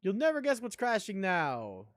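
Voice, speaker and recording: A man chats casually while streaming a game, joking and rambling between actions. His voice sits a bit high and leaps around in pitch. It sounds close and dry. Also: wildly swooping pitch, normal speed, dry recording. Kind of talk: casual live-stream chat while gaming.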